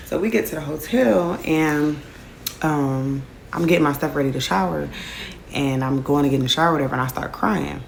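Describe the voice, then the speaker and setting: Gravelly young woman telling a storytime. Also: sits low, moderate pace, a little hiss or hum. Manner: slangy, fills speech with "like" and "whatever". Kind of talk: casual storytime.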